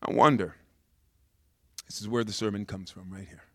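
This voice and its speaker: A male pastor preaching a sermon and telling a story, moving from hushed reflection to loud, shouting excitement. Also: lowish voice, moderate pace, dry recording, clean studio sound.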